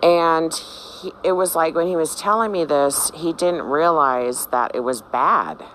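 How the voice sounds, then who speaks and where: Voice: medium pitch, measured pace, a bit bright, a little hiss or hum. A channel host telling viewers about a dream in a casual way, rambling and hesitant with many fillers and restarts, musing aloud about what it means.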